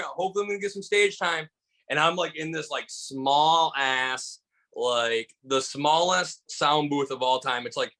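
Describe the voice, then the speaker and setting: A comedian from Michigan telling stories in a casual chat, rambling with lots of restarts and fillers. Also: male voice, medium pitch, pushed and bright. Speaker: guest comedian.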